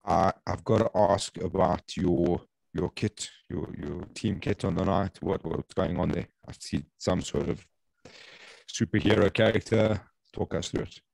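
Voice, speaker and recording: A man's voice: low voice, steady tone, measured pace, vocal fry, darkish tone, no echo, rough recording. A man hosting a podcast interview, chatty and joking, with frequent restarts. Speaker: podcast host.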